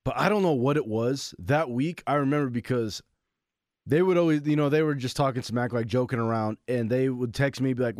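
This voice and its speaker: A man's voice: medium pitch, a little fast, darkish tone, no echo, studio quality. A man co-hosting a casual sports podcast, a former college football player who tells stories with energy and acts out his own quotes.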